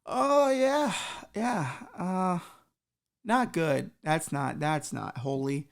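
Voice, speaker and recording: A woman's voice: on the low side, drawn-out words, vocal fry, pitched above the performer's own voice, exaggerated voice. A woman voicing a bored, laid-back male Satan who talks in offhand slang. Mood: casual. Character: bored casual male Satan ruling hell.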